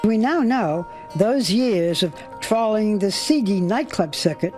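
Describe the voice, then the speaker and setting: A woman narrating and interviewing for a television news program, with a measured, formal delivery. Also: medium pitch, animated, darkish tone. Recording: narration over background music.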